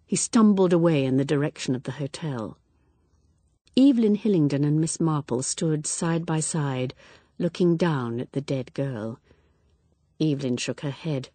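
A woman narrating a mystery novel in a measured, expressive storytelling voice. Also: deep voice, dry recording. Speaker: audiobook narrator. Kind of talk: scripted narration.

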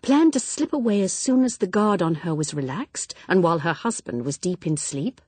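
A woman narrating a mystery novel in a measured, expressive storytelling voice. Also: lowish voice, breathy edge, dry recording. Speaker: audiobook narrator. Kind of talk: scripted narration.

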